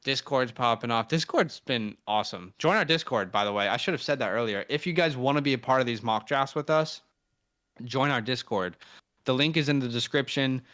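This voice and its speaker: A man's voice: mid-range voice, fairly quick, a bit bright. A young man co-hosting a fantasy football mock draft, joking loosely and hyping up viewers. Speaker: fantasy football podcast co-host. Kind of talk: casual live mock-draft chat. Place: indoors, living in Sydney.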